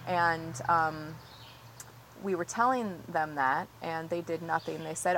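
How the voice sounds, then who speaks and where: A woman who took part in a tree-sit protest is interviewed outdoors near trees on her property, recounting events earnestly and with agitation, filling her speech with "like" and "you know." Her low voice is slow, fairly bright and fairly even; the poor audio has a little hiss or hum.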